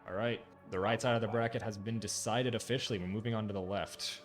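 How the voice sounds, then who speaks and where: A man casting a speedrun tournament stream, relaxed and hedging as he sums up a match. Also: lowish voice, fast, faint music behind. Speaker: tournament caster. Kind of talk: esports commentary.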